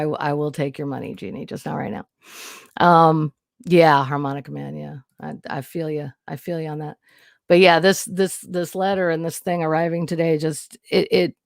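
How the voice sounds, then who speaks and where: Lady rambling on her livestream, kinda low voice, dry close mic, swears a lot and restarts. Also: vocal fry, no echo. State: emotional, medicated, nervous. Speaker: livestream host. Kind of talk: casual livestream chat. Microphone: new studio mic.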